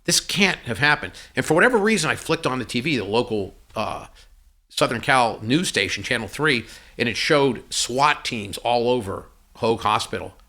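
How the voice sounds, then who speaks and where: A man telling a personal story as a podcast guest, animated and acting out each line of dialogue. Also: mid-range voice, moderate pace. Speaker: podcast guest, company CEO. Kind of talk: conversational storytelling interview.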